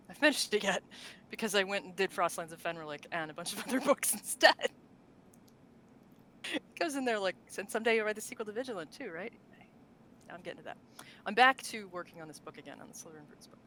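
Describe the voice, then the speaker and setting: This podcast co-host is a woman with a medium-pitched, lively, pushed and bright voice who talks fast but pauses often. The audio is poor, with a little hiss or hum. She chats casually about tabletop game lore, laughing a lot and leaning on fillers and restarts.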